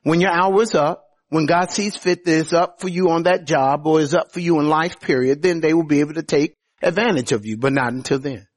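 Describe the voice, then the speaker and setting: A man preaching a sermon, teaching through scripture verses, often opening phrases with "oh" and climbing to emphatic highs. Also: fairly quick, few pauses. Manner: lively preaching, rising to emphatic highs, many "oh" openers.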